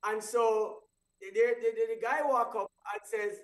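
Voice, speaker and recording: A man's voice: high-pitched, fairly even intonation, measured pace. A man hosting a breakfast radio show in casual chat, rambling and restarting his sentences and chuckling at his own stories. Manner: rambling, stumbling restarts, laughing at own story. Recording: roomy echo, voice far from mic.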